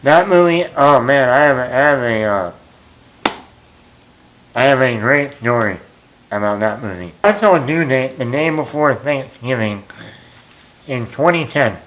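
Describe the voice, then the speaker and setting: A man's voice: mid-range voice, lively intonation, measured pace, pauses often, fairly bright tone, rough recording. Rambling self-mocking male movie vlogger. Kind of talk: casual storytelling.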